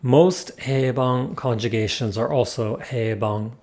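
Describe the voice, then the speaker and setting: A man delivers a scripted language lesson in an even, mid-pitched voice. He works through the rules in numbered points with a calm, methodical manner. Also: slow. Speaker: language teacher.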